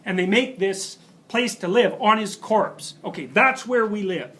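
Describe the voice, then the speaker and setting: A man's voice: high-pitched, animated, a little slow, background noise. A man giving a university lecture, telling stories emphatically with rhetorical questions and asides. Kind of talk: classroom lecture.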